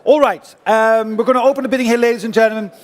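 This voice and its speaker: Man, auctioneer, high voice, brisk bid calling, language switching, long hall reverb. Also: steady tone. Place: large exhibition hall auction room.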